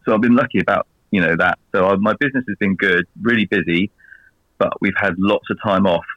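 A man's voice: sits low, brisk, dry recording, highs cut off. An English man chatting casually as a guest, rambling and laughing at his own jokes. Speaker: guest on a video call. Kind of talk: casual chat.

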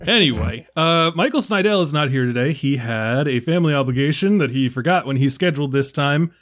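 A man with a fairly high speaking voice hosts a relaxed film podcast. He jokes freely and rambles through stories of past conversations. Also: a little fast. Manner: joking, rambling, retells conversations. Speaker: podcast host. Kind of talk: casual film podcast chat.

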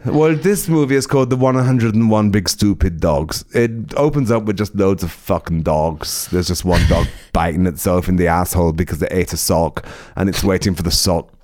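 A man reading absurd comic stories aloud, excitable and swearing, laughing at his own jokes. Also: low voice, normal speed, hardly any pauses. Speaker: comedian storyteller. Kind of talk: comic story reading on a podcast.

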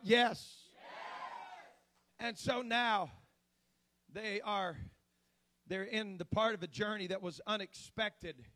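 A man preaching a sermon in church, dropping into low, chatty asides and rising to loud, shouted exhortation. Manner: swings from low conversational talk to shouted, drawn-out exhortation.

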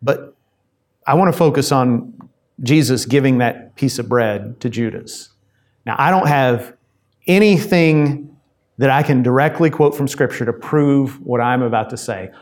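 A man's voice: mid-range voice, darkish tone. A man preaching a conversational sermon on a Bible passage, digressing and restarting often.

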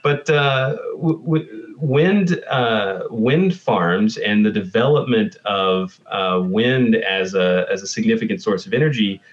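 A low-voiced man from Texas explains science as an interview guest. He pauses often and restarts his thoughts, and the audio sounds dull and muffled. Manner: explanatory, with many fillers and restarts. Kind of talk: interview answers.

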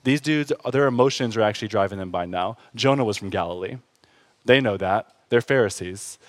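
A man preaching a sermon in an animated, conversational way, often tossing in quick asides to the congregation. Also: lowish voice, no echo. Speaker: pastor.

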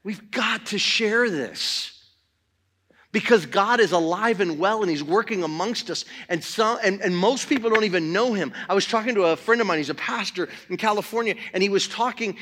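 A middle-aged man preaching a sermon in church, swinging between loud exhortation and quiet talk. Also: high voice, moderate pace. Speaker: pastor.

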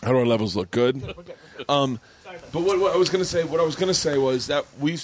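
A man hosting a podcast, chatting casually by a pool, telling stories with lots of swearing and quick laughs. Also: fairly high pitch. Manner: animated storytelling, swearing, bursts of laughter. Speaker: podcast host. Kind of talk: casual chat. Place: outdoors by a pool.

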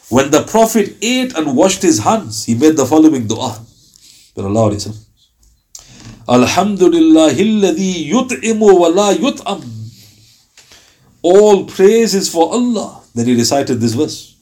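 A man teaching a Ramadan Quran commentary class, telling stories lively and reciting verses in Arabic. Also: medium pitch.

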